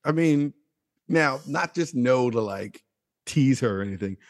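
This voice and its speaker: A man's voice: medium pitch, expressive, a little slow, no room sound, studio quality. A man in casual chat, listening and adding short replies.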